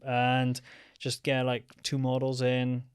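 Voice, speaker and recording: A young man talking casually on a podcast, rambling and filling gaps with "um" and "like." His voice is smooth and clear, recorded close and dry with no room sound. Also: mid-range voice, monotone, takes it slowly, no room sound. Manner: chatty, rambling with fillers. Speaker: podcast guest, freelance photographer. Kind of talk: casual chat.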